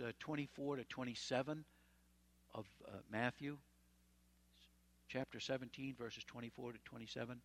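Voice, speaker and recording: Male pastor, middle-pitched voice, easygoing conversational sermon with asides. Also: a bit bright. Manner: conversational, folksy retelling with asides.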